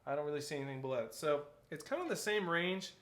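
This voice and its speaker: A man's voice: fairly high pitch, animated, fast talker, a bit bright. A man teaching a percussion lesson, explaining step by step, counting aloud and calling out notes and stickings. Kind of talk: instructional tutorial. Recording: echoey room with faint noise.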